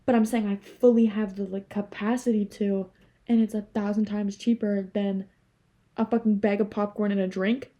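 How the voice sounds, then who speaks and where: A young woman from Canada rambling casually to camera, animated and swearing freely. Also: mid-range voice, moderate pace. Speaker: vlogger.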